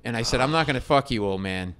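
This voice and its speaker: A middle-aged man, a comedian, telling a story on a talk show. He is animated and acts out the voices in his story with loud bursts. His speech is casual and quick to shift. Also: medium pitch, smooth. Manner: animated, acts out quotes loudly. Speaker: comedian guest. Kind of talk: storytelling chat.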